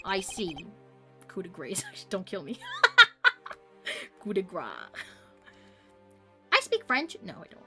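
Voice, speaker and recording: A woman's voice: lowish voice, animated, unhurried, pauses often, over music. A young woman streaming a video game, chatting casually, giggly and self-mocking. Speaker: variety streamer.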